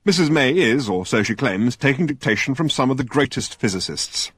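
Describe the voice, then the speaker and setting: A pompous middle-aged scientist, put on by a male audiobook narrator, testy and lecturing. His voice leaps up and down in pitch with a slightly husky grain. It is recorded close and dry. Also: animated, fairly quick, a bit bright, no room sound. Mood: hushed.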